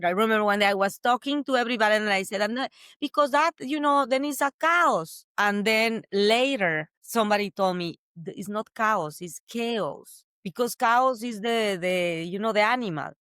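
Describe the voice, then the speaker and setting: A woman's voice: mid-range voice, a little fast, clear, resonant tone, dry recording, clean studio sound. A middle-aged woman with a Spanish accent, a guest in an interview, telling stories with frequent restarts. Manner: animated storytelling with frequent restarts and laughs. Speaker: guest, entrepreneur. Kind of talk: casual interview conversation.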